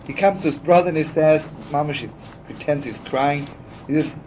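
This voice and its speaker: A man preaching in a heartfelt, chatty storytelling voice, turning often to his listeners with "you know." His voice sits a little high for a man. The recording is dull and archival, with a faint hiss underneath. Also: moderate pace. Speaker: rabbi teaching. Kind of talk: storytelling sermon.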